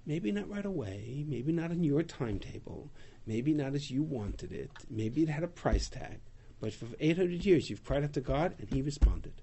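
A man teaching a Bible class, retelling the story with animated storytelling and acting out the quotes. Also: fairly high pitch, creaky, a little hiss or hum. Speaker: Torah teacher.

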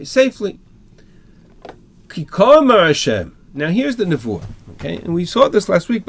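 Animated man teaching an online class. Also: a little high. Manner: emphatic, asks rhetorical questions and answers them. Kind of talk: online text-study class.

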